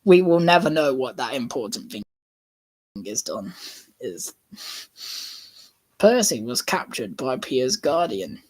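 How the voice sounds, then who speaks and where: A man reading a garbled storybook aloud for laughs, chuckling at the odd wording. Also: medium pitch. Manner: slow, lively reading with bursts of laughter. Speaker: YouTuber reading a comic mistranslation. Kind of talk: comedic storybook narration.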